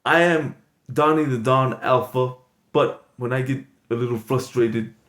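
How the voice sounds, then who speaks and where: A man voicing a gruff, low-voiced mobster-type man who is easily frustrated and blusters menacingly. It is a comedy bit. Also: a little slow, close to an everyday voice. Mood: grumbling. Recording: echoey room, loud background noise.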